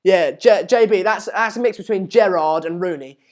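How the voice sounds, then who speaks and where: A man from Sweden with a voice that sits high talks at a moderate pace while hosting a live football watchalong. He's chatty, commenting casually on play and reading out what viewers write.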